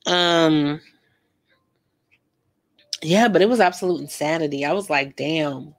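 A young woman's low voice comes fairly quick as she paints live and gossips in a casual, chatty way. This art vlogger leans on slang, laughs frequently, and tells animated stories.

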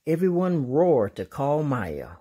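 A man's voice: on the high side, slow pace, slightly rough. A man reading a children's picture book aloud as a storytime reader. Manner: expressive storyteller.

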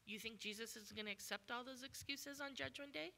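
A woman's voice: fairly high pitch, brisk, gravelly, sharp tone. A woman guest preacher delivering a sermon with emphatic, repetitive exhortation.

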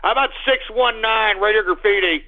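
A man hosting a call-in radio show, ranting loudly and cursing whenever he gets angry. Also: high voice, brisk. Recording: lo-fi phone-like radio audio.

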